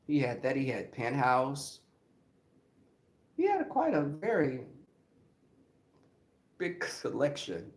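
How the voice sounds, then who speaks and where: A man with a gravelly, fairly high voice spins comic stories with lively swings in pitch, laughing often and acting out the people in them. He speaks in a slow, drawn-out way. The sound is roomy and echoey. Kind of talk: comic storytelling. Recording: roomy echo.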